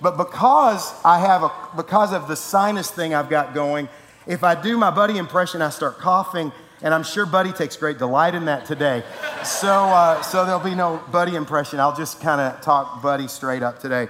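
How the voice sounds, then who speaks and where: Preaching to his congregation in the church sanctuary, this pastor has a fairly high, slightly bright voice and talks at normal speed. His humorous story, part of the sermon announcements, wanders and self-corrects, and a long reverb tail follows his words.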